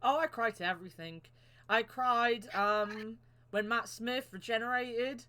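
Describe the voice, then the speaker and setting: Bright-voiced young woman, chatty. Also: a little high. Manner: swears a lot, emotional and quick to cry. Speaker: podcast co-host. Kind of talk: casual chat.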